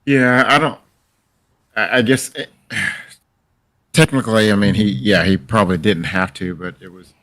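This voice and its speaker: A man's voice: on the low side, fairly even intonation, normal speed, pauses often, a bit bright. A man joining a casual live-stream discussion, talking hesitantly and thinking aloud. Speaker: co-host.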